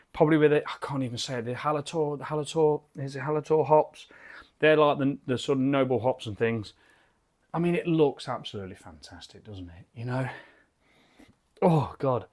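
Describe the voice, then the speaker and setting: Chatty British man reviewing beer. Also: mid-range voice. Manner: chatty, enthusiastic, rambling. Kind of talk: casual video review. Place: garden cabin bar.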